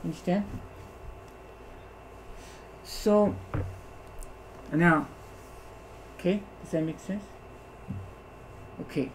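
A man teaching algebra to a class, animated, constantly asking rhetorical questions to check that students follow. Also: high-pitched, drawn-out words, pauses often, a little hiss or hum, poor audio. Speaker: math teacher. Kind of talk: classroom lecture.

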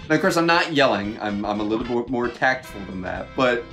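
A young man co-hosting a podcast, telling a work story in a casual, animated and exasperated way. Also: mid-range voice, brisk, faint music behind. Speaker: podcast co-host.

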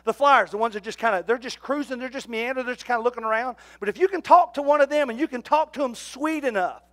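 A high-pitched man preaches in a church. He tells his stories in an animated, jokey way and raises his voice to a shout at the punchlines. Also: fast. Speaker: pastor. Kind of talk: storytelling sermon.

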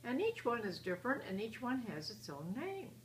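A woman's voice: fairly high pitch, sing-song, normal speed, distant mic, slight background noise. A woman doing an eager little girl cub. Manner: eager, breathless.

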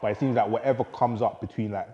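A man's voice: on the low side, fairly even intonation, muffled recording, a little hiss or hum. A man, reassuring a friend in casual slang-filled chat. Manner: reassuring, slangy, fast and mellow. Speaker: reality show cast member.

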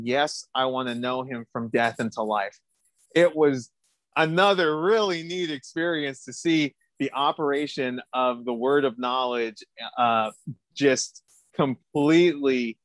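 A middle-aged man as an interview guest, telling a personal testimony in an animated, quick way. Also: medium pitch, no room sound. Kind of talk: storytelling testimony.

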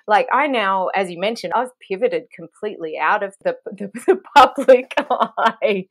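Lively Australian woman, laughing and rambling. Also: medium pitch. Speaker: guest. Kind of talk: casual chat.

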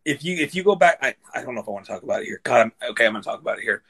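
A man's voice: mid-range voice, animated, very fast, creaky, a bit bright, breathy edge. A middle-aged man, a barbecue guest, telling loose stories in a casual live chat, swearing and laughing as he goes.

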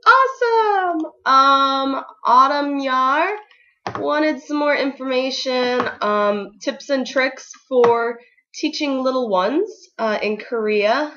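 A woman's voice: high-pitched, slow, pushed and bright, highs cut off. A young woman teacher giving casual, upbeat advice in a vlog, full of ums and likes. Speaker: ESL kindergarten teacher.

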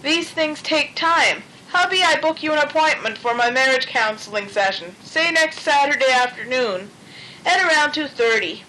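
A woman voicing a sleepy, reluctant male hedgehog pastor in a storybook, talking in a slow, drowsy way. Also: high-pitched, bright, forceful tone, rough recording.

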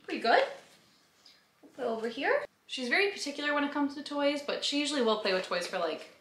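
Brief: bubbly woman vlogger, highish voice that swoops a lot while she coos at her pet. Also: very animated, fast, fairly bright tone. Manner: sing-song baby talk to her dog. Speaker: vlog host. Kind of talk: casual unboxing vlog. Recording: roomy, echoey room sound.

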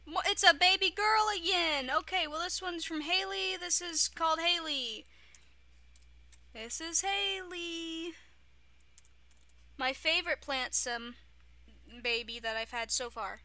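With soft music in the background, this young gaming YouTuber speaks in a very high, pushed and bright voice, unhurried and pausing often. She offers giggly, casual commentary on her own game playthrough, frequently chanting goofy catchphrases.

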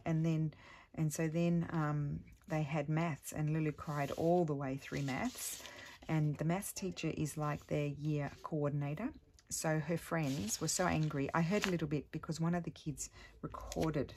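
Low-voiced middle-aged woman, rambling. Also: a little hiss or hum. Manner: rambling storytelling with many restarts; sometimes drops to a hushed voice. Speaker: crafting vlogger. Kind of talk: casual chat while crafting.

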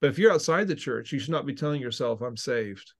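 A man's voice: fairly high pitch, expressive, fast, creaky, slightly rough. A man, a seminary professor and minister, answering interview questions with an earnest, teaching tone and frequent restarts.

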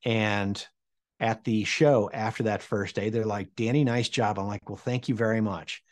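Unhurried and fairly even in intonation, a lowish male voice relates a personal story to camera. The speaker, a Midwestern American storyteller in his forties, performs the people he quotes with big swings in his voice.

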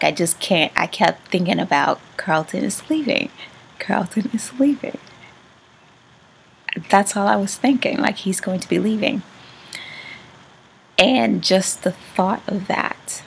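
A woman vlogger telling a personal story in a halting way, with words that often trail off into a soft whisper. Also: mid-range voice, vocal fry, a little hiss or hum, rough recording. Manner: halting, with many restarts and fillers.

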